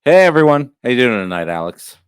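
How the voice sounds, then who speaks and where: Lively, jokey man on a podcast. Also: medium pitch, fast, smooth, dry recording. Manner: jokey, laughs a lot. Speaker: podcast co-host. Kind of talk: casual sports chat.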